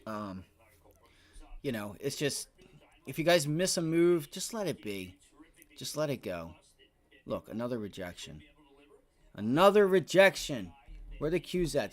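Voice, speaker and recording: A man hosting a live day trading stream, giving casual, coaching market commentary and swearing freely. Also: on the high side. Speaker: day trading livestream host. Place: home trading office.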